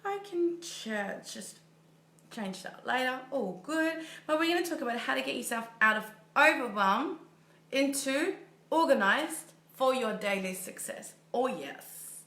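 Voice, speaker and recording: Woman, mindset coach, casual livestream chatter, bright tone, roomy echo. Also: sits high, lively intonation, measured pace. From Germany. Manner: chatty, upbeat, thinks aloud and laughs often. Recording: echoey room.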